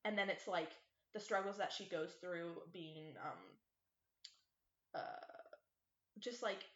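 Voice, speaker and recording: A woman's voice: lowish voice, takes it slowly, fairly bright tone. Young woman rambling friendly on a podcast, um-heavy, echoey dull audio. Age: young adult. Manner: friendly, rambling explainer with fillers. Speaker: podcast guest, theater student. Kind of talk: casual chat. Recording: roomy, dull lo-fi sound.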